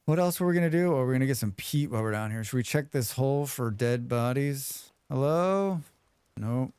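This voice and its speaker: A man's voice: medium pitch, animated, moderate pace, darkish tone, clear, resonant tone, no echo. A man livestreaming a game, chatting casually with viewers, humming and thanking them as he plays. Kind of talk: casual livestream chat while gaming.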